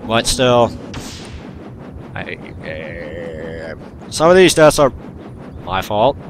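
A man's voice: low-pitched, sing-song, slow, slight background noise. A man giving uncut gameplay commentary, ranting and grumbling at the game he is playing. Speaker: gaming channel host.

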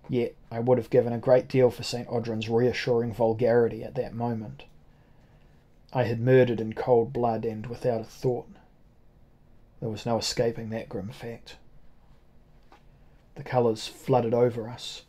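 A man reading a first-person novel aloud as an audiobook, at a measured, grave pace. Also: medium pitch, little pitch movement, mellow, husky. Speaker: audiobook narrator.

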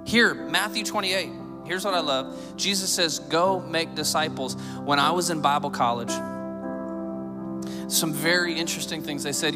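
A man's voice: on the high side, fairly even intonation, moderate pace, in a large hall, loud music behind the voice. A man in his thirties preaching a sermon in a church, joking and conversational, building to emphatic points. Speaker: pastor. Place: church sanctuary.

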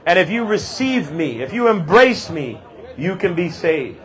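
A man with a high voice preaching in the open air. He builds his points through fervent repetition and rhythmic stress, speaking into a handheld microphone on a city street. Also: very animated, a little slow, fairly bright tone, low-quality recording. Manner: impassioned, repetitive, rhythmic emphasis.

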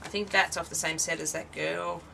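A woman's voice: sits low, steady tone, fairly quick, creaky, sharp tone, recorded from a distance, a little hiss or hum, poor audio. A tired Australian woman chatting casually as she shows off her craft work, rambling and cutting herself off mid-sentence. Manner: chatty, rambling, self-interrupting. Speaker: craft channel host. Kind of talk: casual show-and-tell craft video.

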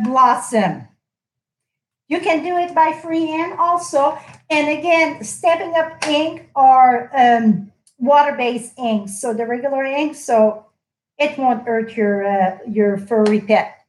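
A woman hosting a live-streamed stamping craft chat. She talks in a gushing, chatty way with loose phrasing. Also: high-pitched. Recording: echoey room.

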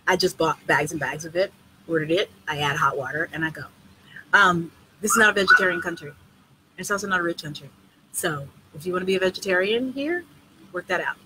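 Brash woman tour organizer, foul-mouthed and lively, bright voice, faint background noise. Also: lowish voice, low-quality recording. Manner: blunt, profane and animated. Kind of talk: casual live video Q&A.

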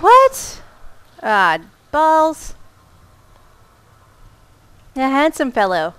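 A woman's voice: sits high, animated, unhurried, pauses often, slight background noise. A woman giving let's play commentary as she plays, reacting aloud, exclaiming and muttering to herself. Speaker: gamer.

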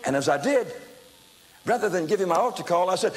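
An older man preaching a testimony sermon, telling his story in an animated, dramatic way that breaks into loud exclamations. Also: sits high, a little fast. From United States. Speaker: evangelist preacher. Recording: echoey hall, faint background noise.

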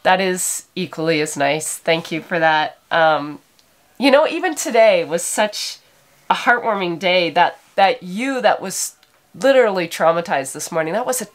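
Tired woman with a low voice. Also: expressive, moderate pace. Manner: emotional, warm and chatty with frequent laughs. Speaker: sheep farmer and vlogger. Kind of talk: casual vlog chat reading viewer comments.

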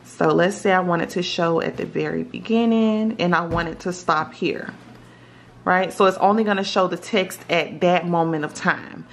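A woman's voice: fairly low pitch, moderate pace, a little hiss or hum. A woman casually explaining steps in an app tutorial, often checking in with her viewers. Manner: chatty, checks in with viewers with "okay?". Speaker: tutorial vlogger.

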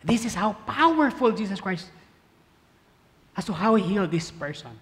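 A man preaching a sermon as a pastor, animated, swinging from loud emphasis to hushed asides, and drawing out scripture readings slowly. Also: high voice. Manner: slow, drawn-out scripture reading with the congregation. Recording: long hall reverb.

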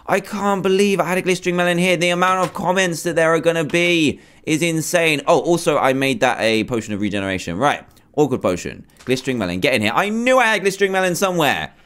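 A man in his twenties giving animated, self-mocking commentary on his Minecraft survival game, talking to himself as he plays. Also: fairly high pitch, fast, hardly any pauses, clear, resonant tone. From England. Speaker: gaming YouTuber. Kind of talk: Minecraft let's play commentary.

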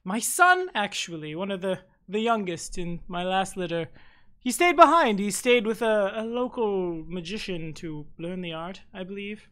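A game master voicing a chatty, fussy fey mother creature in a high airy voice. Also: expressive, moderate pace, a bit bright, natural voice.

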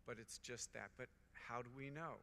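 A man's voice: medium pitch, normal speed, sharp tone, in a large hall. A middle-aged man, a priest, preaching a conference homily to fellow priests in an earnest, repetitive cadence, telling anecdotes. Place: large conference hall.

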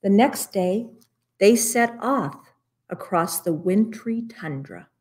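A woman librarian reads a children's picture book aloud for story time. She takes it slowly and expressively, giving each line room. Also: medium pitch, slight background noise. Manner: slow, expressive read-aloud.

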